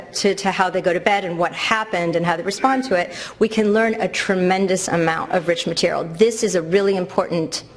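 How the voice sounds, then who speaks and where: In a thoughtful, explanatory academic lecture, a medium-pitched female speaker keeps stopping mid-sentence to restart or correct herself.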